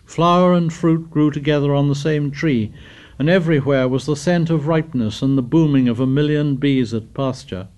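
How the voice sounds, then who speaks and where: A man narrating a novel as an audiobook, in a measured, steady literary reading. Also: on the high side. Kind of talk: scripted narration.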